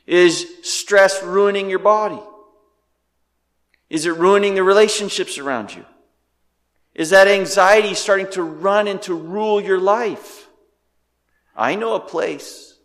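A male pastor preaching a sermon with animated delivery, firing off rhetorical questions and swinging between loud and hushed. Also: sits high, slow pace, long pauses, big-room sound.

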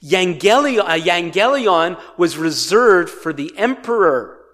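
A man's voice: high-pitched, animated, slow, fairly bright tone. A man preaching a sermon in a church, talking with dramatic emphasis and acting out proclamations now and then. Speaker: pastor. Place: church in Ottawa, Canada.

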